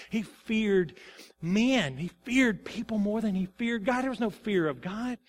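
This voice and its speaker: A man's voice: high voice, animated, a little slow. A male pastor preaching a sermon, emphatic and personal in turns. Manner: emphatic, then confessional and subdued.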